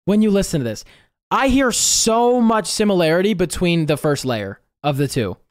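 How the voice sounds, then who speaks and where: Excitable music producer reacting. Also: medium pitch, moderate pace, no room sound, clean studio sound. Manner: excitable, emphatic, repeats and swears. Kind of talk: casual reaction commentary. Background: game chase music playing faintly.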